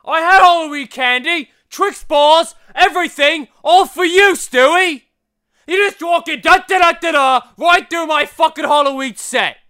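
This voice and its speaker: A man impersonating a furious male movie star who shouts, swears and repeats himself over and over. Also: very high-pitched, unhurried, voice pushed up, exaggerated voice. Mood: furious shouting.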